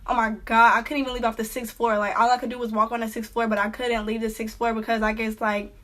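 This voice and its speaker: A teenage girl casually telling a personal story to her viewers, full of "like" fillers and lively quoted reactions. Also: a little high, quick pace. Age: teens. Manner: chatty, lots of "like" fillers, animated quoting. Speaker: vlogger.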